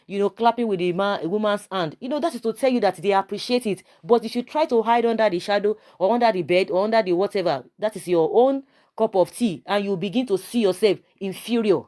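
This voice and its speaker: A woman's voice: medium pitch, fast, mellow. A woman with a Nigerian accent giving passionate, preachy video commentary, full of rhetorical questions and stammered repeats.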